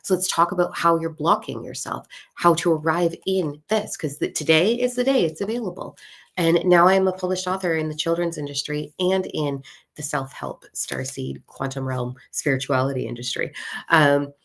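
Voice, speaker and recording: Low-voiced woman telling a story. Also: normal speed, gravelly. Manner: animated, acts out quoted voices, swears freely. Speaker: spiritual author and coach. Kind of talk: casual storytelling monologue.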